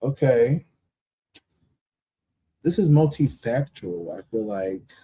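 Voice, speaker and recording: A man's voice: medium pitch, animated, slow, dark tone, husky, low-quality recording. A man hosting a live tarot-reading stream, chatting bluntly and emphatically with frequent swearing.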